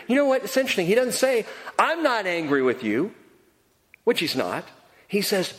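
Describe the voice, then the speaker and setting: A man preaching a sermon, earnest and emphatic, swinging between quiet and loud. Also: high voice, big pitch swings, moderate pace. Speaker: pastor. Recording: long hall reverb.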